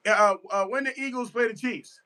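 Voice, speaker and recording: A man's voice: very high voice, moderate pace, bright, forceful tone. A man giving a casual live reaction to a football game, emphatic and repetitive, answering his chat as he goes. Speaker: sports fan streamer.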